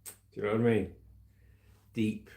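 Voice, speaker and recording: This fortysomething livestream host has a fairly low, creaky, mellow voice with a level tone and moderate pace. Chatty and quick to laugh, he reads viewer comments and news aloud in an echoey room.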